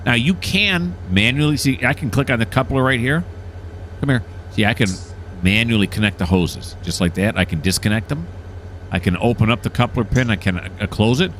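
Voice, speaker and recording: A man's voice: mid-range voice, expressive, fairly quick, fairly bright tone, a little hiss or hum. A man giving casual, enthusiastic commentary while playing a train simulator, explaining each step as he goes. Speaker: gameplay streamer.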